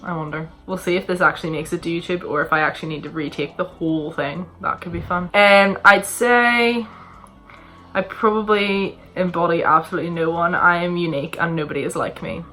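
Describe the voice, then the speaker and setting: Young northern irish girl vlogging, lowish voice but really bright and sharp, rambles and jokes at herself. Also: steady tone, fast talker, few pauses. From Northern Ireland. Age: young adult. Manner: chatty, rambling and self-deprecating. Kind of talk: casual Q&A chat to camera. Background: faint music from another room.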